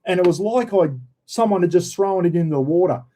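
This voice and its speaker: Laid-back Australian man, mellow tone. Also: high-pitched, a little fast. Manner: laid-back, chatty, reads viewer comments aloud. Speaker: host of a live chat stream. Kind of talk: casual live-stream chat reading comments.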